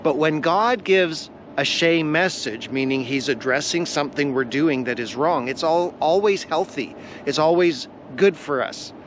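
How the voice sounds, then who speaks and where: A man's voice: a little high, slight background noise. Earnest man giving devotional teaching. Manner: earnest, deliberate, repeats key phrases. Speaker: Bible teacher.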